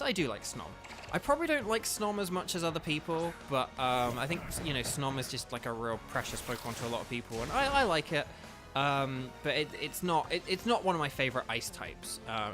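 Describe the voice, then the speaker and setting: Male game streamer, fairly high voice, rambling and chatty, light music under. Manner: rambling, chatty, lots of fillers. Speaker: gaming YouTuber and voice actor. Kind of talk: casual gameplay commentary.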